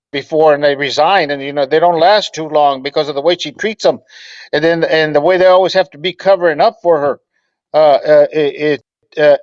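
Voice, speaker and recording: Male co-host, stumbling and halting, on a dry, dull remote line. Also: on the high side, no room sound. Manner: halting, stumbling over words. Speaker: guest co-host. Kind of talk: live political chat over a call.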